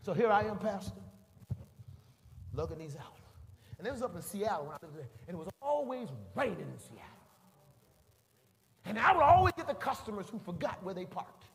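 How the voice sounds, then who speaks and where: A man's voice: high-pitched, a little fast, pauses often, slight background noise. A middle-aged male pastor preaching a sermon, telling a story animatedly and voicing the people in it. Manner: animated storytelling, voices the people in it, makes beeping sounds. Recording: reverberant hall, faint ambience.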